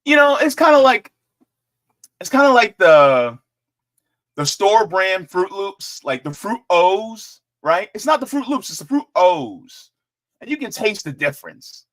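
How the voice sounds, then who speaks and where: A man hosting casual political commentary in an animated, joking way, with chatty asides. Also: high voice, unhurried.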